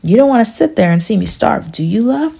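A woman's voice: fairly high pitch, very animated, a little fast, vocal fry, dark tone, husky, heavily acted. A woman voicing an aging, self-pitying male farmer who pleads and complains in a storybook reading. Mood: pleading.

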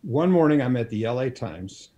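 Mellow-voiced older man telling stories. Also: mid-range voice, big pitch swings. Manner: unhurried anecdotal telling with frequent fillers. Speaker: interview guest, publisher. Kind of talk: storytelling in a casual interview.

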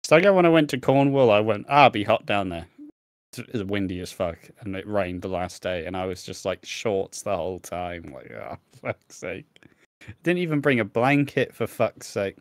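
A man's voice: fairly low pitch, expressive, normal speed, no room sound, studio quality. A young English man co-hosting a podcast, telling a story in casual, sweary chat with frequent laughs. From England. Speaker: podcast co-host.

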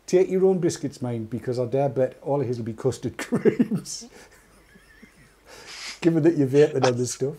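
A man's voice: medium pitch, lively intonation, moderate pace, long pauses, dark tone, slightly rough. An English man co-hosting an online talk show, chatting casually and reading a news story aloud with wry, jokey asides. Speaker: podcast co-host.

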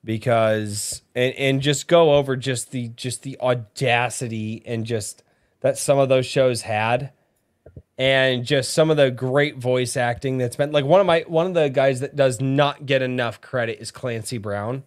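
A man's voice: medium pitch, unhurried. A man hosting a casual live-streamed podcast, rambling and swearing as he chats with his co-hosts. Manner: rambling, profane, lively. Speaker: podcast host.

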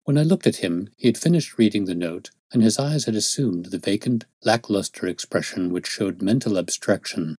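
A man narrating a classic story aloud in a measured, even storytelling manner. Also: sits low, husky, no echo, clean studio sound. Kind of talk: audiobook narration.

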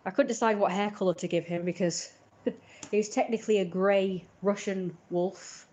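A woman's voice: mid-range voice, steady tone, normal speed, darkish tone. A young woman streaming casually, chatting in a rambling way while she cooks and opens parcels, often stopping to correct herself. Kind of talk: casual chat.

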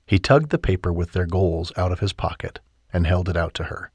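A man narrating a romance audiobook in a calm, measured way, often dropping to a soft tone. His voice is low and husky, recorded close and dry with no room sound. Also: no room sound. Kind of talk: scripted narration.

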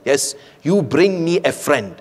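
A man's voice: fairly high pitch, big pitch swings, slow, heavily acted. A man voicing an angry male head teacher who scolds a pupil, recorded in an echoey hall. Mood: stern.

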